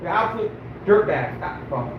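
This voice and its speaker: Speaking at a moderate pace in a high, very animated voice, a fur trapper talks casually to viewers as he works on a live stream. He swears often and grumbles at himself, frustrated and self-deprecating. Highs are cut off, with echo, background noise and a far-off mic.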